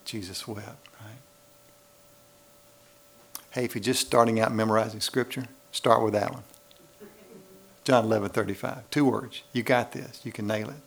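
A man's voice: on the low side, steady tone, moderate pace, vocal fry, long pauses, husky. A man preaching a sermon in a church, acting out little voices to make his points. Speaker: pastor.

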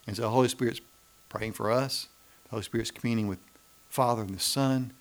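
A man delivers a sermon in a gravelly voice of ordinary pitch. He climbs into emphatic peaks, then drops to hushed, slower passages. He repeats key phrases to drive them home. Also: steady tone. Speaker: preacher.

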